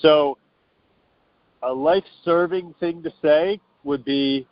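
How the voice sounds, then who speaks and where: Speaking over a telephone, a man with a slightly high voice talks at a normal speed as an interview guest. He explains things earnestly but loosely, restarting sentences and acting out quotes. The phone line sounds dull and dry, with no echo.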